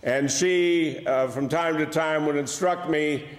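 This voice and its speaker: A man's voice: on the high side, fairly even intonation, slow pace. An older man with a Buffalo accent, a comedian telling wry stories with dry punchlines. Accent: Buffalo, New York. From Buffalo, New York. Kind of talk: humorous storytelling talk. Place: large church hall. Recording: echoey hall with long reverb.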